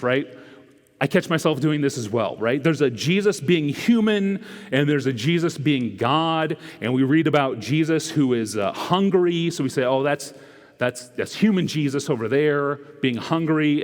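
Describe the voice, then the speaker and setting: Conversational preacher with a big hall echo. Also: male voice, medium pitch. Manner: conversational, with rhetorical "right?" asides; swings from loud and quick to hushed and slow. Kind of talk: sermon. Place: church sanctuary. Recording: echoey church hall.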